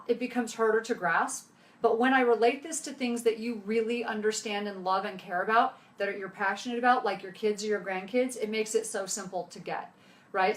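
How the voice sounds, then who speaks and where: A middle-aged woman giving a casual motivational talk, telling a family story in a chatty way full of fillers. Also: medium pitch. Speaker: health speaker.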